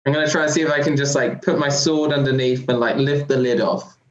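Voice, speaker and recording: A man's voice: medium pitch, steady tone, fast talker, roomy sound, poor audio. A man playing a tabletop game, describing his actions hesitantly with many fillers. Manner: hesitant, many likes and ums. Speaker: player.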